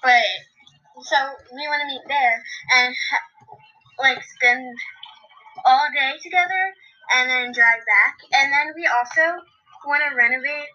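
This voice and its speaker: A woman's voice: sits high, unhurried, pauses often, pushed and bright, dull audio. A teenage girl chatting casually with a friend on a homemade podcast, telling long run-on stories. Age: teens. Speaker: podcast co-host. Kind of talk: casual chat.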